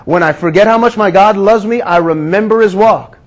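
A man preaching a sermon at a shelter, slow and emphatic, asking the listeners rhetorical questions. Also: high voice. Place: shelter chapel.

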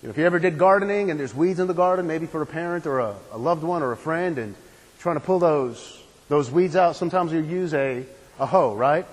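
A man's voice: on the high side, brisk, in a large hall, poor audio. A man preaching a sermon in an earnest, emphatic way, asking the room questions and stressing key words.

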